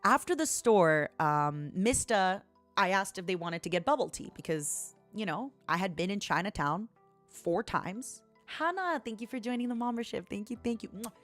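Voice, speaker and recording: A woman's voice: medium pitch, lively intonation, normal speed, faint music behind. A woman streamer in casual chat, telling a story dramatically and animatedly.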